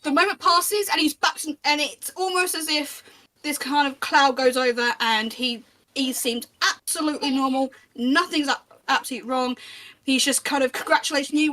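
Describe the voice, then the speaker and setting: Bright high-voiced woman game master. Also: fairly even intonation, normal speed. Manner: descriptive, chatty, with small restarts. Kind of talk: narrating a tabletop game.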